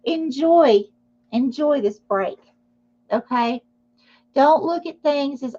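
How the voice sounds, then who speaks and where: A woman's voice: high-pitched, animated, slow, dark tone, highs cut off. A woman giving a live tarot reading, speaking reassuringly and often checking in with "okay?". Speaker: tarot reader.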